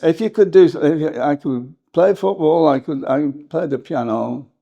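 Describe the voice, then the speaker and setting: An older English historian reminiscing in an interview, rambling and hesitant, with frequent laughs. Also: male voice, on the high side, normal speed, gravelly, warm tone, muffled recording. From England. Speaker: historian guest.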